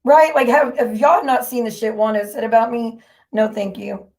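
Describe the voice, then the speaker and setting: Brief: woman stream host, fairly high voice, furious and profane, calling out her chat directly. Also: steady tone, normal speed, a little mellow. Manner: heated, profane, confrontational. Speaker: livestream host. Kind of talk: angry livestream rant.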